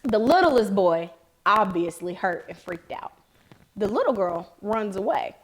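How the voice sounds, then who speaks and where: A young adult woman co-hosting a podcast, telling stories in casual chat with loud acted-out quotes and free swearing. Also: medium pitch, animated, a little slow. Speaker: podcast co-host.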